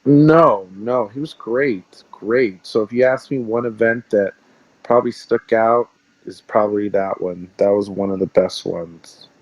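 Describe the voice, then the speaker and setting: Low-voiced man telling stories. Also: measured pace, dry recording, poor audio. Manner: rambling, repeats himself. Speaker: guest, sports card shop owner. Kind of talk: casual interview storytelling.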